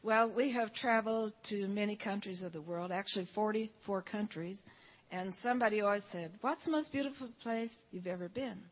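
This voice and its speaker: A woman's voice: medium pitch, fairly quick. Older woman, church testimony, storytelling, fervent, dull lo-fi sound. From Georgia, USA. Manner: storytelling, fervent, quotes people in dialogue. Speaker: church speaker giving testimony. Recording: dull lo-fi recording.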